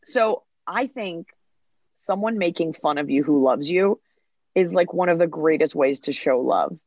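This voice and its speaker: A woman comedian in her thirties, a podcast guest, telling quick, chatty stories and acting out quoted lines in casual interview talk. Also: lowish voice, darkish tone, dry recording, dull audio.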